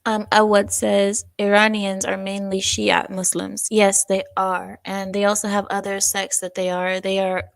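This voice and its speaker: A woman's voice: medium pitch, monotone, a little slow, creaky, few pauses, no room sound. A woman co-hosting a casual political talk stream, reading viewer comments aloud, a little out of breath and searching for words as she goes.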